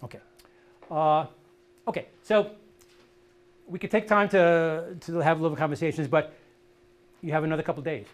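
An older man leads an outdoor language class, and his voice sits a little high for a man. He drills words slowly and patiently corrects each student's pronunciation. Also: fairly even intonation. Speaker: language teacher. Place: outdoor meadow gathering.

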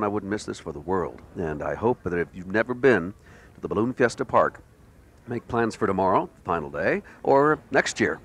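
A man's voice: deep voice, a bit bright. A man anchoring live outdoor TV coverage of an event, chatty and jovial. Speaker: TV news anchor. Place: outdoors at a festival field.

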